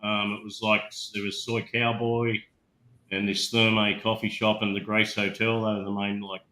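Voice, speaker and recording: A man's voice: on the low side, flat delivery, moderate pace, bright, forceful tone, reverberant, low-quality recording. A middle-aged man, talking bluntly and swearing freely as a guest in a casual chat.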